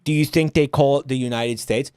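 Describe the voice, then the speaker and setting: A man's voice: medium pitch, steady tone, fairly quick, darkish tone, clean tone, dry recording. A man streaming and ranting at his chat, exasperated and swearing often. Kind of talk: casual stream rant.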